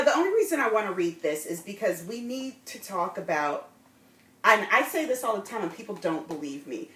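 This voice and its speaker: A woman co-hosting a casual fan podcast, chatting and reading listener questions aloud. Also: mid-range voice. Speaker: podcast co-host. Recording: echoey room, mic at a distance.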